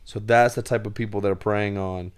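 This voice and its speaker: A man's voice: lowish voice, fairly even intonation, normal speed, smooth. A man hosting a podcast, casually explaining a story to viewers with many fillers. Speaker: podcast host. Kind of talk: casual chat.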